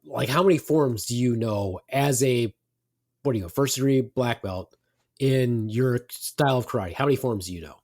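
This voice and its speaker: A man's voice: mid-range voice, normal speed, darkish tone. A middle-aged man hosting a podcast, teasing and rambling in casual banter. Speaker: podcast host.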